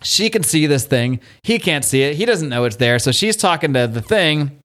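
A man's voice: a little high, lively intonation, normal speed, fairly bright tone. A man hosting a podcast, casually and animatedly retelling a comic's plot and swearing now and then. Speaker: podcast host. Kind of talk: casual chat recapping a comic.

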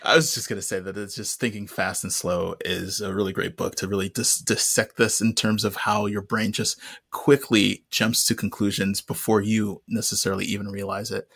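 A man co-hosting a podcast, speaking earnestly with frequent halting restarts. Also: fairly low pitch, gravelly, a bit bright, slightly rough, no echo, studio quality. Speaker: podcast co-host. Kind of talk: casual conversation.

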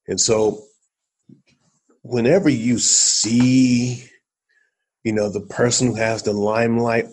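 A man from Ohio, a former football player, telling stories as an interview guest, animated and addressing listeners directly. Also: on the low side, husky, low-quality recording. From Columbus, Ohio, USA. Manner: animated storyteller, acts out quotes, talks to the listener. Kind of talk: storytelling in a podcast interview.

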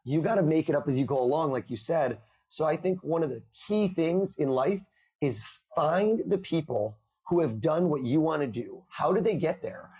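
A man in his thirties, a mentalist guest on a podcast, telling lively stories and acting out the people in them. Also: fairly high pitch, moderate pace, slightly rough. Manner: animated storyteller, acts out quoted voices. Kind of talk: podcast interview over video call.

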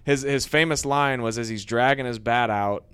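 A man, a former baseball pitcher, telling rambling anecdotes in a casual interview, growing lively as he retells old stories. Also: normal speed, clean tone.

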